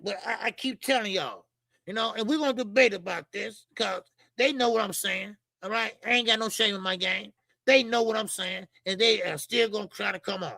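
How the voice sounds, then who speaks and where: Blunt, bright-voiced boxing host. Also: medium pitch, vocal fry, no echo. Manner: blunt, profane ranting at viewers; repeats lines for emphasis. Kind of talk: opinionated boxing commentary.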